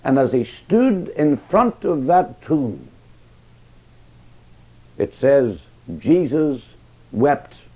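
A man preaching a sermon, passionate, with emphatic rises and hushed, quiet drops. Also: mid-range voice, sing-song, extremely slow, pauses often, slightly rough, low-quality recording.

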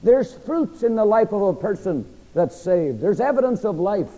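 A middle-aged man preaching in a Bible class, with a frog in his throat, pausing for the congregation to finish his sentences. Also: high-pitched, very animated, warm tone. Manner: asks the audience to fill in words. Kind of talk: sermon-style Bible teaching. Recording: lo-fi recording with long hall reverb.

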